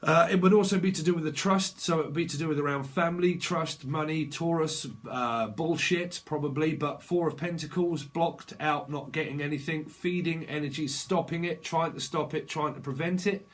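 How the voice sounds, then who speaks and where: A man giving a tarot reading, rambling quickly and bluntly with slang and swearing. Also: a little high. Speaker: tarot reader. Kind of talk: channeled tarot reading monologue.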